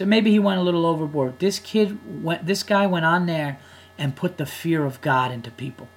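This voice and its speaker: A man's voice: on the high side, normal speed. A man hosting his podcast as a comedian, ranting casually with heated, profane emphasis.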